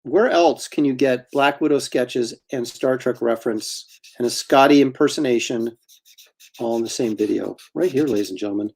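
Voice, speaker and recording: Gravelly middle-aged man chatting while drawing. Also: medium pitch, normal speed, a little mellow. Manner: rambling, self-deprecating, chuckles often. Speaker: comic artist drawing live commissions. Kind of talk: casual chat while drawing.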